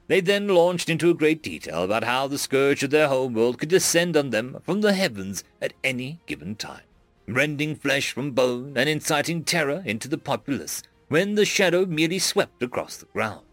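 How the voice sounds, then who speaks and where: Expressive male storyteller. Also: medium pitch, normal speed, no room sound, faint music behind. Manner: expressive storytelling, acts out many voices. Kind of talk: scripted story narration.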